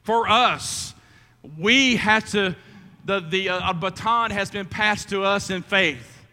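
A man's voice: high-pitched, slow pace, sharp tone, in a large hall. A man preaching a sermon as pastor, stumbling through restarts and fillers and rising to emphatic calls.

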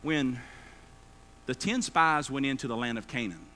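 A man's voice: mid-range voice, animated, a little slow, sharp tone, slight background noise. A man preaching a sermon, folksy and acting out everyday complainers. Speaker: pastor.

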